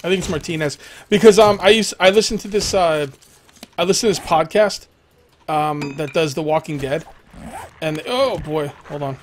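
A young man with a slightly raised pitch chats loosely through a live game stream. He jokes, rambles and swears at the game, with faint background noise. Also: moderate pace.

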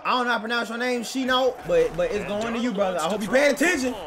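A male gaming host reacting to a football video game with loud, hyped shouting and slangy trash talk, his voice strained from yelling. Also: extremely high pitch, lively intonation, fast talker, a crowd in the background. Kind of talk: excited game-playing commentary.

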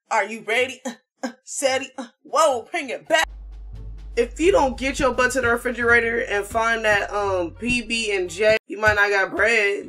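A woman hosting a horror game channel, yelping at scares and teasing the game characters in slangy talk. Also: on the high side. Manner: loud, jumpy, yelps and shouts at scares. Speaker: gaming channel host.

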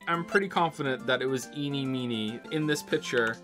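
A man streaming a video game, chatting casually with viewers in an excitable, sarcastic and profane way. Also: mid-range voice, a little fast, few pauses, faint music behind. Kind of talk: casual let's-play commentary.

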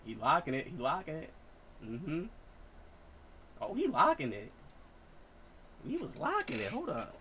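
A man in his late twenties giving excitable, profane live gameplay commentary as a streamer, trash-talking. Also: fairly high pitch, measured pace, long pauses, slight background noise. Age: 20s. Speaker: gaming streamer.

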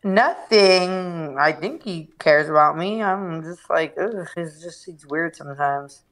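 Laid-back slangy woman, lowish voice. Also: slow. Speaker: podcast co-host. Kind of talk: casual chat.

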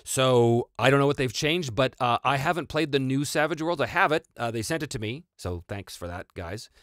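A man's voice: mid-range voice, normal speed, no room sound, studio quality. A man hosting a tabletop RPG channel, answering viewer questions in casual chat with plenty of fillers and restarts. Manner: animated, rambling, many fillers and restarts.

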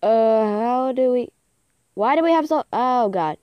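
A teenage girl giving casual, self-mocking commentary over her own game, sometimes bursting into loud cheers. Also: fairly high pitch, expressive, unhurried, clean tone, dry recording, lo-fi sound. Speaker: gaming channel host. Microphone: phone screen recording.

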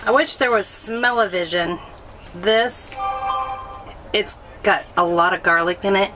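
A woman vlogger chatting casually outdoors at a campsite, with quick exclamations, recorded on a phone camera. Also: mid-range voice, noisy background. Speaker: vlog host. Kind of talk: casual chat. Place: outdoors at a campground.

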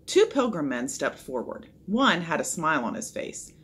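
Woman storybook reader, husky tone, lively rise and fall, low-pitched. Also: normal speed. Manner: expressive, voices the characters. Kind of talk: read-aloud of a children's chapter book.

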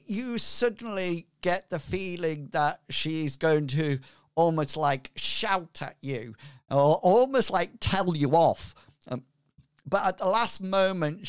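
A man narrating as game master in an unhurried, rambling style with lots of "sort of, like" fillers. His voice sits a bit higher than most men's and sounds smooth and clear. He is recorded dry and close. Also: no room sound.

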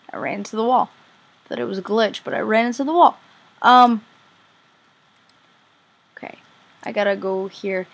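A woman commenting casually on her own game play as a vlogger, chatty and easily excited, gushing over what she finds. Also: medium pitch, husky. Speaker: gaming vlogger.

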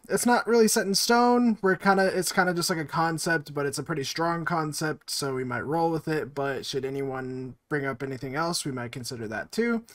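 A man's voice: fairly high pitch, a bit bright, no echo. A man in his twenties hosting a casual podcast, laughing often and rambling with fillers. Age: 20s. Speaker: podcast host. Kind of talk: casual chat.

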